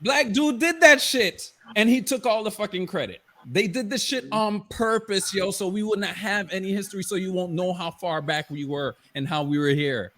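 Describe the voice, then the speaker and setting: A podcast co-host in the middle of a heated rant, peppering his talk with curses. His voice sits a little higher than most men's. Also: moderate pace, hardly any pauses, a bit bright. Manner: heated ranting, heavy swearing. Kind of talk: casual podcast chat.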